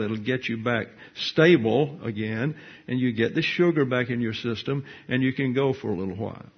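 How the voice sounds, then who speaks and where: An older man, a pastor teaching a Bible study in a folksy, unhurried storytelling manner. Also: medium pitch, breathy edge. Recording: muffled lo-fi recording.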